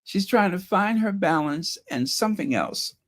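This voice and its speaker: Reading headlines on his laid-back commentary vlog, this host throws in sarcastic remarks and chuckles. He has a high, somewhat scratchy voice with lively intonation and a moderate pace.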